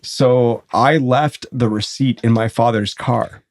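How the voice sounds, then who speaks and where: A man's voice: mid-range voice, fairly even intonation, takes it slowly, a little mellow. A man, host of a casual podcast, telling a rambling, profane story. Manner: rambling, profane storytelling, often breaking into laughter.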